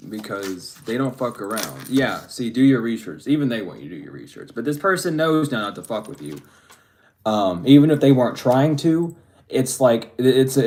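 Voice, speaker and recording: A man's voice: medium pitch, a little mellow. Blunt, profane man giving a reading. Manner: blunt, profane, rambling with restarts. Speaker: spiritual reader. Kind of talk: casual spiritual reading monologue.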